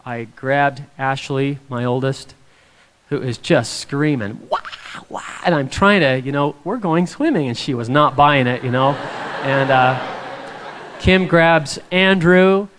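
A man giving a devotional talk to an audience, telling a personal story in an animated way and acting out the quotes. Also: on the high side, measured pace, slight background noise. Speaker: speaker.

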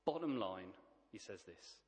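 A man's voice: on the low side, expressive, a little slow, long reverb tail. A man preaching a sermon, emphatic and plain-spoken, stacking up repeated phrases.

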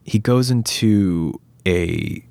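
A man's voice: lowish voice, drawn-out words, vocal fry, no room sound. A man talking casually in an interview as an actor, telling stories animatedly with lots of fillers and some swearing. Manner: animated storytelling, many fillers, swears freely.

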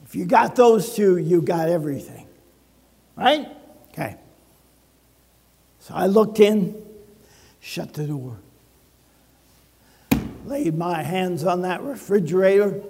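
An older pastor delivers a sermon slowly, stretching his words with dramatic pauses and telling stories in a wry, joking way. His husky, animated voice is high for a man and darkish in tone, with a long church-sanctuary reverb around it.

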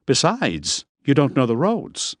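A man's voice: medium pitch, wildly swooping pitch, measured pace, no echo, clean studio sound, pitched above the performer's own voice. A man voicing a tall, amused woman in her thirties, speaking coolly and offhandedly.

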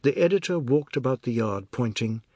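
A male audiobook narrator reads at a measured, descriptive pace. His voice is husky, with a lively, shifting pitch. It sounds close and dry, with no room around it. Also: no echo.

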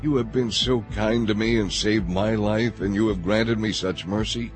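An older man, anxious and pleading, his voice low and earnest, as a male reader voices him. He begs rather than argues. Faint music plays underneath. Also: steady tone, normal speed, close to an everyday voice. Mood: begging.

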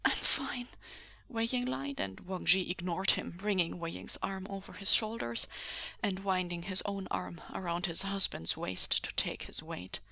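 A woman reading a fan story aloud in a breathy, half-whispered narration. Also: medium pitch, moderate pace, hardly any pauses, bright, forceful tone, dry recording. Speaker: podfic reader. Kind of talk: audiobook narration.

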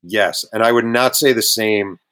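Man telling lively sports anecdotes. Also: lowish voice, normal speed, clean tone. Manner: animated anecdote telling with quoted voices. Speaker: guest author. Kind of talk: casual storytelling interview.

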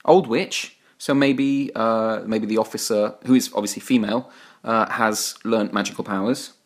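A man co-hosting a podcast in relaxed, casual chat. He talks playfully, sets up his jokes and teases his co-host with them. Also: lowish voice, moderate pace. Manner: playful, teasing, builds up jokes.

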